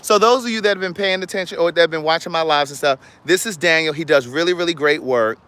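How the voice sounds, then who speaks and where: A man hosting a casual outdoor livestream, talking directly to his viewers in an animated, chatty way. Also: on the high side, fast talker. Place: outdoors in a yard.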